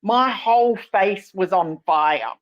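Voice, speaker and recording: A woman's voice: mid-range voice, animated, slow pace, dull audio. An Australian woman co-hosting a casual livestream chat, emphatic and protective, often restarting her sentences. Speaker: co-host.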